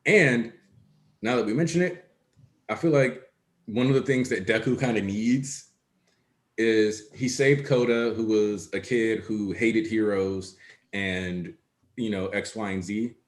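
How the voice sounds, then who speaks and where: A man's voice: fairly low pitch, a little slow. A man co-hosting a casual discussion, explaining his points at length in an analytical way. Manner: analytical, talks in long explanations. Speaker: co-host. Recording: echoey room.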